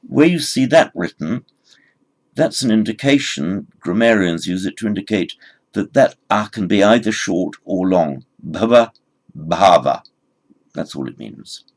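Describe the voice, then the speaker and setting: A man teaching a recorded grammar lesson, explaining word forms patiently and spelling them out slowly. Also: sits low. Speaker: language teacher.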